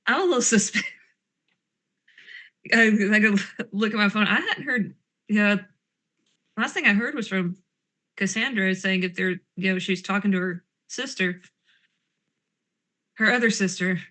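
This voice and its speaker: A woman's voice: mid-range voice, a little slow, pauses often, sharp tone. A woman playing a tabletop game, talking in character in a grumbling, sarcastic, rambling way. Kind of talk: in-character role-play chat.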